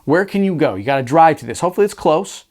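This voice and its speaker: Energetic man coaching his listeners. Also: a little high, quick pace. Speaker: motivational speaker. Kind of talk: motivational talk. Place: live virtual event.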